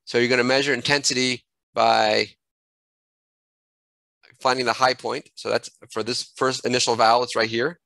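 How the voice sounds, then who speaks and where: Halting man giving a software tutorial. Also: medium pitch, little pitch movement, vocal fry, dry recording, low-quality recording. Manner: halting, self-correcting, thinks aloud while clicking. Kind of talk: screen-recorded software tutorial.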